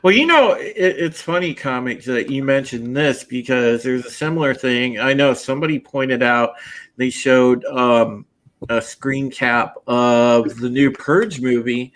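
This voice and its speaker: A man hosting a casual streamed chat show, rambling with halting restarts and frequent laughs. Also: medium pitch, a bit bright. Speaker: podcast host.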